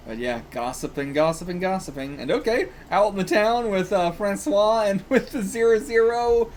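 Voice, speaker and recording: A man's voice: high voice, normal speed, few pauses, a little mellow, a little hiss or hum. A man hosting a manga reaction, reading aloud casually and rambling, often swearing and laughing.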